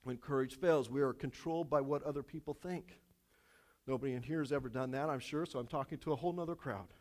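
A man preaching a sermon to his congregation, animated and repetitive, dropping light self-aware jokes along the way. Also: mid-range voice, fast. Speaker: pastor.

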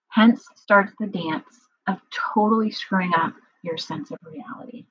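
A middle-aged woman speaking earnestly about her own experience in a personal monologue, often pausing on "um". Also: mid-range voice, slightly rough. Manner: earnest, explanatory, many filler ums. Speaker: survivor sharing personal experience. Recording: dull lo-fi recording.

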